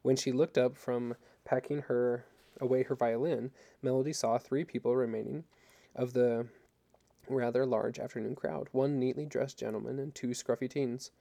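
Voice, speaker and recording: A man reads a novel aloud at an even, measured pace. His voice is dark and mellow. A gravelly texture runs through his words. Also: mid-range voice. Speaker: narrator. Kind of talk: audiobook reading.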